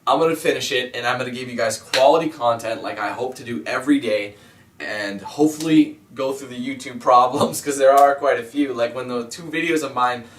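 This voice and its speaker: A man talks frankly to his viewers in a loose, rambling way, full of fillers and restarts. His voice sits at an ordinary middle pitch. He sounds a step back from the mic, and the room around him rings. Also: a little fast, a little hiss or hum. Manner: rambling, candid and apologetic, with many fillers. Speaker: YouTube let's player. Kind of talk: casual vlog monologue. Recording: roomy echo, mic at a distance.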